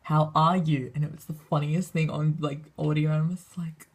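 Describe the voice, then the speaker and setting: A teenage girl vlogging in an excitable, rambling way, swearing freely and tripping over her words. Her voice sits low and has a gravelly, husky edge. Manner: excitable, swears a lot, fast rambling with many fillers. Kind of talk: casual storytime vlog.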